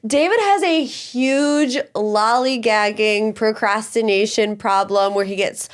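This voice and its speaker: A woman co-hosting a podcast in casual chat, teasing her co-host in a playful, quick way. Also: a little high.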